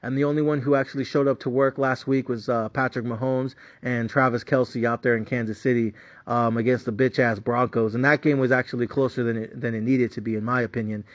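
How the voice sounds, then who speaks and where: A man's voice: medium pitch, flat delivery, a little fast, no echo, lo-fi sound. A man giving sports betting picks in a casual monologue, ranting with frequent swearing and filler words. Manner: profane, frustrated ranting with many fillers.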